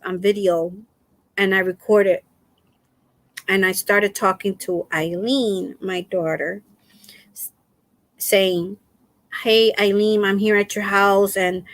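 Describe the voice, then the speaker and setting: A middle-aged woman telling a story to her viewers, lively and quick to laugh, often repeating words as she goes. Her voice sits a little high. The sound is close and dry, with no room echo. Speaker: crafting channel host.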